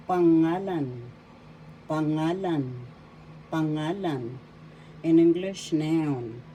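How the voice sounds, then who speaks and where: Woman, language teacher, slow deliberate drills, lowish voice. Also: mellow, a little hiss or hum, poor audio. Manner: repeats each word slowly, spells syllables. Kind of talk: slow spoken language lesson.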